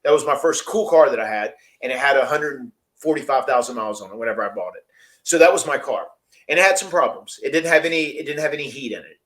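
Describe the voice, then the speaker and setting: Podcast host, man, rambling casual storyteller, mid pitch. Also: lively intonation, fast talker, fairly bright tone. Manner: chatty, rambling, laughs often.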